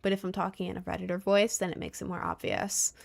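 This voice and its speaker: A woman's voice: lowish voice, sing-song, fast talker, creaky. A young adult woman streaming and chatting casually, reading viewer messages in a rambling way, with lots of fillers and frequent laughs.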